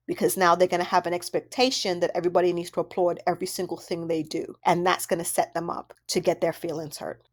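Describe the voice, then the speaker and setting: A woman with a fairly low-pitched voice coaches parents through an audio workbook. She talks conversationally and keeps posing rhetorical questions to her listeners. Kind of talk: instructional audio workbook talk.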